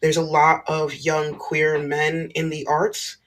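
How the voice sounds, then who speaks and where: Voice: mid-range voice, monotone, slow pace, a bit bright, slight background noise. A former school staff member telling a personal story in a blunt, emphatic way, swearing freely.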